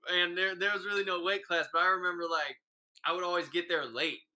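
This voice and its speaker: A man's voice: high voice, fairly even intonation, brisk, bright, forceful tone, poor audio. A man hosting a podcast interview, asking questions and telling stories in a casual, slangy way. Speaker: podcast host.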